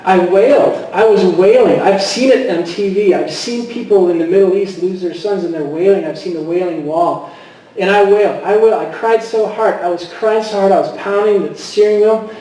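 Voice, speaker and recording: A middle-aged man gives a personal testimony in a halting way, full of fillers and self-quotes. His voice sits high yet sounds dark and mellow. He is recorded from far off in a very echoey hall with faint ambient noise. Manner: halting, with many fillers and restarts, quoting himself. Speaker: guest speaker.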